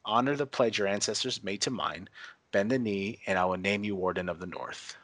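A commanding young queen speaks in formal, measured lines, read by a man. The voice sits fairly low and dry, with no roominess around it. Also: fairly bright tone, no room sound. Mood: regal.

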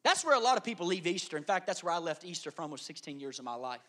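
A man pastor delivering an animated sermon, dropping to hushed asides and rising to loud emphasis. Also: a little high, quick pace.

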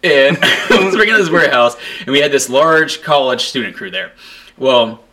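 A man's voice: mid-range voice, lively intonation, normal speed, sharp tone. A young man in casual podcast chat, telling a story animatedly, laughing often and swearing freely. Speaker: podcast co-host.

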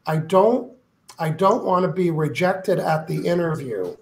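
Brief: man, higher voice with gravel, emphatic guest author acting out examples. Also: expressive, a little slow. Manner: emphatic, acts out quoted complaints. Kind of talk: animated interview talk.

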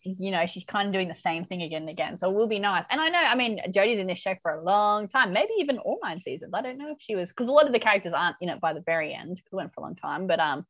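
A woman's voice: mid-range voice, fast talker, hardly any pauses, no echo, poor audio. A woman hosting a podcast, recapping a TV episode in casual chat and acting out the characters' lines. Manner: chatty, animated retelling with voiced quotes. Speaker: podcast host.

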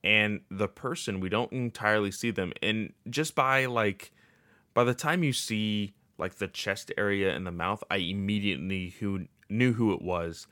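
A man's voice: lowish voice, normal speed, bright, forceful tone, dry recording. A man casually recapping a game's story in a rambling way, with lots of filler words. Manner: rambling, filler-heavy with many uh and like.

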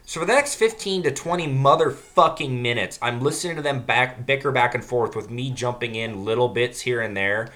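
A man telling a rambling, profane work story in casual podcast chat. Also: medium pitch. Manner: animated, profane, fast-building rant.

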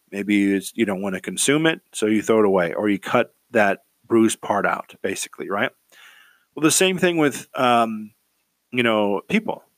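A man's voice: mid-range voice, no room sound. A man giving casual career advice in a rambling way, repeating words and checking in with "right?".

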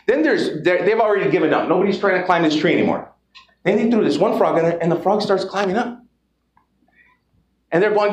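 A man giving an energetic, profane motivational talk to a live audience, calling out to the crowd. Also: high voice, a little fast, long pauses. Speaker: motivational speaker. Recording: echoey room with background noise.

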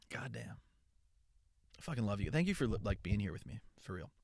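A young man talking straight to his followers in a loose, rambling way. He swears often, restarts his sentences and sounds upbeat and earnest. His voice is fairly low, and the recording is dry and close. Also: gravelly, darkish tone, dry recording. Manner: rambling and profane, with frequent restarts. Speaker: content creator. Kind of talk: casual chat.

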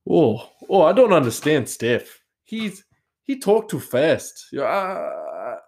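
A man voicing a confused Brazilian male coworker with a Brazilian accent, halting and repeating his words. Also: fairly high pitch, very animated, vocal fry, darkish tone, voice pushed up, full character voice. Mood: bewildered.

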